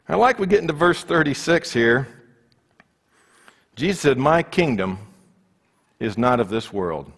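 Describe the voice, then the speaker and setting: A man's voice: on the high side, big pitch swings, normal speed, long pauses, fairly bright tone, slightly rough, long reverb tail. A man preaching a conversational sermon, acting out the voices of the people in the story.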